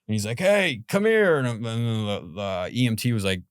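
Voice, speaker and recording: A man's voice: on the low side, fairly even intonation, brisk, smooth, dry recording, clean studio sound. A man in his forties from Boston, a podcast guest telling a story in a rambling, casual way, full of "like" and "you know" and the odd swear word. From Boston, USA.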